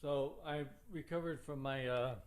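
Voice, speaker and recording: A man vlogging casually while he has the hiccups, talking in a halting way and chuckling between phrases. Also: medium pitch, fairly even intonation, clear, resonant tone. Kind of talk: casual vlog.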